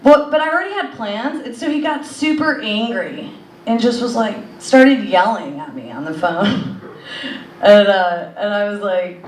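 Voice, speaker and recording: A woman's voice: medium pitch, animated, a little slow. A young woman doing a stand-up set in a comedy club, rambling with lots of fillers. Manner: rambling, filler-heavy delivery. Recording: echoey club audio from a distance.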